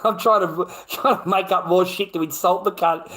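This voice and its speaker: High-voiced, foul-mouthed man streaming. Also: fairly even intonation, normal speed, a bit bright. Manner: blunt, heavily profane, rambling with frequent laughs. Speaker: live streamer. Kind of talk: casual live-stream chat with viewers.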